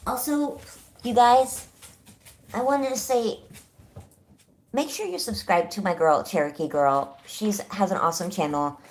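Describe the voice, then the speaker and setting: A woman's voice: medium pitch, measured pace, pauses often. A middle-aged woman from California hosting a casual home livestream, bubbly and chatty, greeting viewers by name and laughing often. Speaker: livestream host. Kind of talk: casual live chat.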